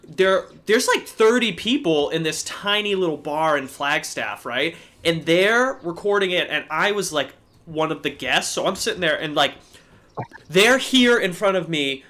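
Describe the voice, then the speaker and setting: A man co-hosting a casual livestream, telling a story in an animated way and swearing freely. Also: on the high side, moderate pace. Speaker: co-host.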